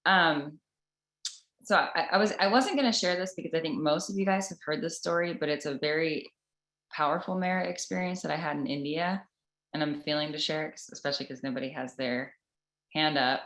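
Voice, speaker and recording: A woman sharing a personal spiritual story with a group, earnest and halting, with many restarts. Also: sits low, a bit bright. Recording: roomy echoing room.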